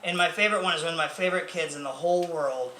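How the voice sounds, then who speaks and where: A young man does a stand-up set full of fillers, rambling and poking fun at himself. His slightly high voice races along with a sharp tone, recorded in an echoey club room with faint background noise.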